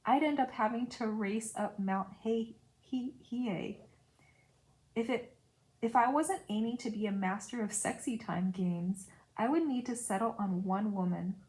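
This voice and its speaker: A woman's voice: on the high side, unhurried, darkish tone, rough recording. A woman reading a novel aloud, stopping now and then for brief casual asides. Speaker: audiobook reader.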